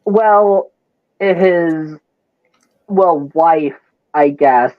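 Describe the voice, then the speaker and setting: A man's voice: fairly high pitch, extremely slow, phone-quality sound. A man from Wisconsin with a Wisconsin accent, ranting in casual, profane chat.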